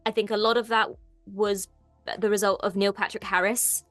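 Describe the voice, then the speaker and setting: Irish woman co-host, mid pitch, enthusiastic, dry close mic. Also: little pitch movement, normal speed, fairly bright tone, no echo, faint music behind. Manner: enthusiastic, chatty. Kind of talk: casual discussion.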